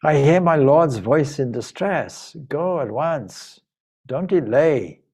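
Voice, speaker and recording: A man's voice: animated, slow, a little mellow, husky, exaggerated voice. A man voicing a distraught young princess from an epic, pleading and then hurling accusations. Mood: frantic. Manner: pleading, pitch rising high in agitation.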